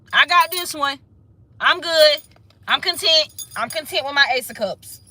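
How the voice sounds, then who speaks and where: A woman's voice: high-pitched, lively intonation, a little slow, bright, forceful tone, no room sound. A woman giving a casual tarot reading, sassy and emphatic, swearing and repeating her points. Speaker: tarot reader.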